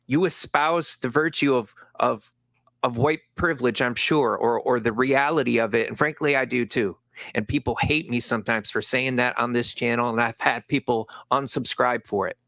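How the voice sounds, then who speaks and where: A man's voice: mid-range voice, normal speed, creaky, fairly bright tone, no room sound. A man hosting a commentary channel who scolds and rants angrily at the people in the clips. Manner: angry, scolding rant. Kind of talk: recorded video commentary.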